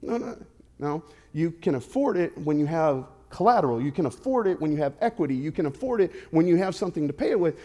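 A male pastor with a somewhat high voice delivers an animated sermon. He asks the congregation questions directly and adds playful, joking asides.

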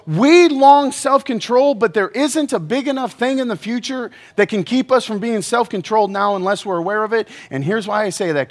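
A man preaching a sermon to a live audience, energetic and joking, often asking the crowd questions. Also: high-pitched, normal speed. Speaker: pastor.

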